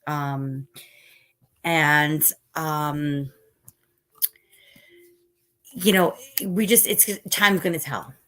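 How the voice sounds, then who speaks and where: Middle-aged woman, lower-pitched, tired, rambling casual livestream chat. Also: steady tone, extremely slow, pauses often, a bit bright. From Northeast United States. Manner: chatty, rambling, reads chat aloud. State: tired, yawning. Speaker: livestream host. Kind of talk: casual live stream chat.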